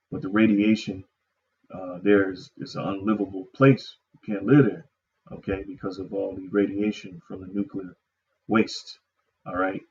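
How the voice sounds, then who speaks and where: Man preaching, low voice, dull lo-fi sound, reads verses slowly, casual asides. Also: darkish tone. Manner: frequent "all right" and "okay" tags. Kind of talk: scripture teaching.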